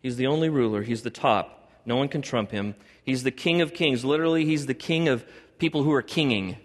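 A middle-aged man preaching a sermon to a congregation as pastor, animated, joking and acting out little dialogues. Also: fairly quick, in a large hall. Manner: animated, acts out dialogue with God in a higher voice; jokes and laughs with the congregation.

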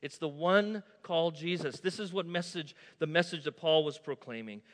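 A man preaching a sermon, moving from soft asides to loud, emphatic declarations. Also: fairly high pitch, normal speed. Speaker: pastor. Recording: long hall reverb.

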